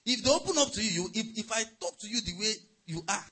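A middle-aged man preaching a sermon as pastor, emphatic, swinging between loud and soft and checking in with the congregation. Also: sits high, animated, quick pace, husky, rough recording.

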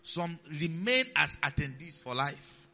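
A male pastor preaching a sermon, often asking the congregation if they follow and repeating key lines, swinging between loud emphasis and quiet asides. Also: fairly high pitch, lively intonation, a little slow, gravelly. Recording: long hall reverb, dull lo-fi sound.

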